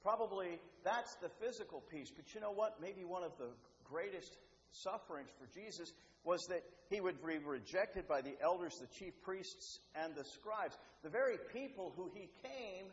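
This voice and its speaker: A man preaching a sermon, animated, acting out the voices he quotes, with repeats and restarts. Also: high-pitched. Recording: roomy, dull, faintly noisy hall.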